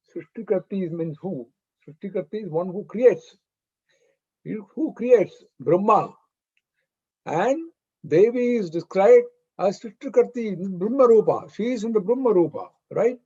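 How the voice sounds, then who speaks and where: A man's voice: sits high, animated, normal speed, warm tone, husky. A man giving a devotional lecture in earnest, patiently explaining terms and posing rhetorical questions, heard over a video call. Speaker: spiritual discourse speaker. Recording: muffled, slightly lo-fi sound.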